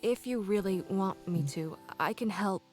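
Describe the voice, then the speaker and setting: A man voicing a sharp-tongued, slightly haughty young woman from a visual novel, speaking quietly and dryly. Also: high-pitched, unhurried, faint music behind, voice pushed up. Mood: grudging.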